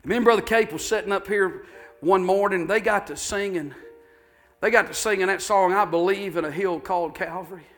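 A pastor preaching with folksy fervor, his voice sitting a bit high for a man. He tells stories and circles back over his own phrases. Soft music plays faintly beneath him. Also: fairly quick. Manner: folksy, fervent storytelling with repeated phrases. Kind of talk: sermon.

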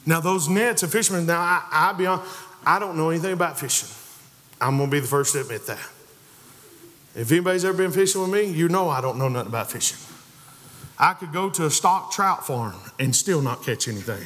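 A fairly high-voiced man preaches to a congregation, pressing each point with rising emphasis and slipping into the voices of the people in his story. His words ring out with a long reverb through the church sanctuary. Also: lively intonation, brisk, a bit bright. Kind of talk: sermon.

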